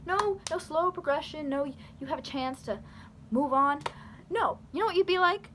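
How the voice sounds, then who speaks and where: A woman's voice: high-pitched, lively intonation, moderate pace, fairly bright tone, slight background noise. A young woman rambling animatedly through casual commentary to her camera, full of fillers and restarts. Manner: talks with her hands. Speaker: YouTuber. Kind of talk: casual talking-head commentary.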